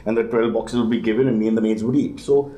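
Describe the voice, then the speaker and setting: A middle-aged man rattles off deadpan jokes at a brisk clip. His voice is dark and mellow, and he answers each question with mock exasperation. The feel is a live studio interview. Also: lowish voice. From India. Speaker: guest comedian. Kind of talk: joking live interview banter.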